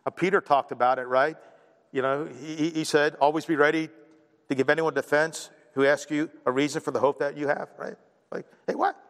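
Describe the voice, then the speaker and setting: A middle-aged man preaching a sermon in a conversational, animated way, often checking in with "right?" and acting out quoted voices. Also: on the high side, a little fast, big-room sound. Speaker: pastor.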